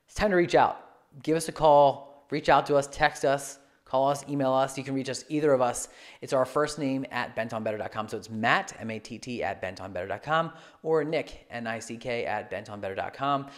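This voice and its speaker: Man, fitness coach, podcast co-host, earnest, encouraging, mid-pitched voice. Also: a little fast. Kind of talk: casual podcast chat.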